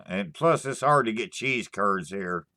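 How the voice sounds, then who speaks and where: A man hosting a livestream, chatting casually with viewers in a halting, stammering way, swearing often and sighing between thoughts. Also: on the low side, big pitch swings, vocal fry, pushed and bright, no room sound. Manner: slow, sighing storytelling. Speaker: livestream host answering chat. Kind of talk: casual rambling chat.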